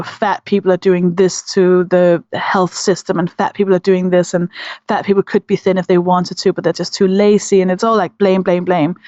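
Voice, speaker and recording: A woman's voice: medium pitch, no room sound, dull audio. A woman in her thirties, a comedian and author, telling candid stories in conversation, laughing often and acting out what people said. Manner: animated, laughs often, acts out quotes.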